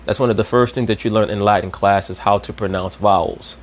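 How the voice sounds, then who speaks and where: A man's voice: fairly low pitch, steady tone, brisk. A man giving a lecturing commentary, didactic and checking in with his listeners. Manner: didactic, repeats "you understand?".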